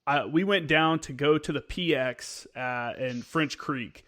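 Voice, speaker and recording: A man's voice: on the high side, a little slow, fairly bright tone. A man hosting a podcast, a fellow Marine veteran, chatting casually, joking along and chiming in with his own service stories. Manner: conversational, joking, chimes in. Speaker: podcast host, former Marine. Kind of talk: casual interview chat.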